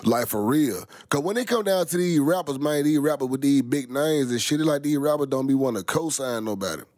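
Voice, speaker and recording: A man's voice: mid-range voice, fairly quick, a little mellow, dry recording. A middle-aged man, rambling casually to his viewers, full of slang and swearing. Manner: profane, rambling, heavy slang. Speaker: vlogger.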